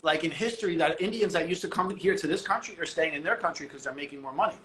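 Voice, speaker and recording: High bright-voiced man in a roomy echo. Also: fast talker. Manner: blunt, animated, swears casually. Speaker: guest, business owner. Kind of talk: casual podcast chat.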